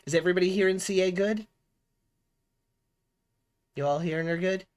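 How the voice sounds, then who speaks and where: A man's voice: high-pitched, moderate pace, clear, resonant tone. A man streaming a game live, chatting casually and fumbling with his audio settings. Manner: chatty, fumbling with settings, lively ups and downs. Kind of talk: casual live-stream chat while gaming.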